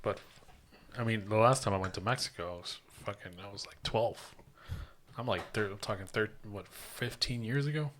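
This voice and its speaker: A man's voice: fairly low pitch, normal speed, fairly bright tone, a little hiss or hum. A man co-hosting a podcast who talks bluntly and casually, with plenty of swearing. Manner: blunt and profane, laughing along. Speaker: podcast co-host.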